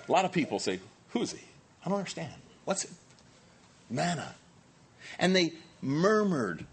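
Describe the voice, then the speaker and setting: A man preaching a sermon as pastor, animated and humorous, acting out voices. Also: mid-range voice, husky. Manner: animated, acts out quoted voices, self-deprecating humor.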